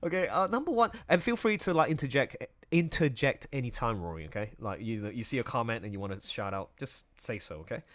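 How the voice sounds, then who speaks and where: A man hosting a casual livestream, talking in an animated, bright tone that leaps around in pitch. He laughs often and restarts his sentences as he goes. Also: fast talker, hardly any pauses. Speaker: livestream host and video editor.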